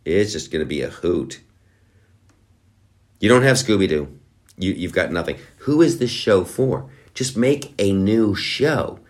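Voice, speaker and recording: A man's voice: sits low, animated, measured pace, a little mellow. A middle-aged man hosting a podcast, talking in a sarcastic, rambling way with many restarts. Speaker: podcast host. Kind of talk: casual monologue.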